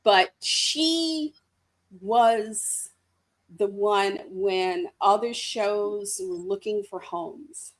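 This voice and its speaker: A woman's voice: medium pitch, extremely slow. A woman co-hosting a casual chat podcast who talks playfully and laughs often. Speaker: podcast co-host.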